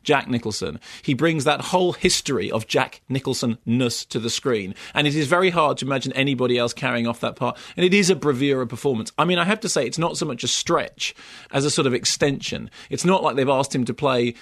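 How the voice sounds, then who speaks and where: Male film critic, gravelly, dry close sound, wry and fluent. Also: mid-range voice, fairly quick, few pauses, fairly bright tone, no room sound. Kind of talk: radio film review chat.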